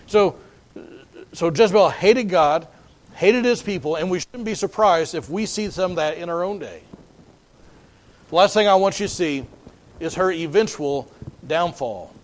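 Male preacher, high-pitched, folksy storyteller who restarts his sentences a lot. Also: moderate pace, long pauses. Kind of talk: sermon.

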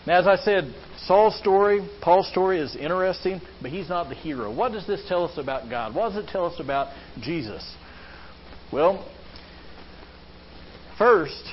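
A man's voice: high voice, expressive, moderate pace. A man preaching a sermon as a pastor, earnest, often asking the listeners questions. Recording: slightly dull lo-fi sound with faint background hiss.

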